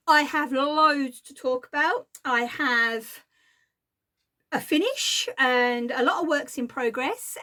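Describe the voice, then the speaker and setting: A woman from southeast England chatting casually on a craft vlog, slightly croaky, rambling and laughing often. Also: high voice, fairly bright tone. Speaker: craft podcaster.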